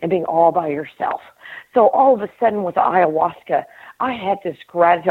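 A middle-aged woman hosting a casual spiritual conversation, earnest and animated, laughing often and acting out inner voices. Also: mid-range voice, brisk, slightly rough. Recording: tinny phone-line call audio.

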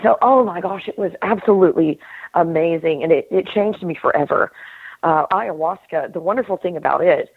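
A middle-aged woman speaks earnestly over a thin, phone-like line, her voice a little husky and set fairly low. She talks in an animated way, laughs often, and acts out what she heard herself think. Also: moderate pace. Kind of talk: casual spiritual conversation. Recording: tinny phone-line call audio.

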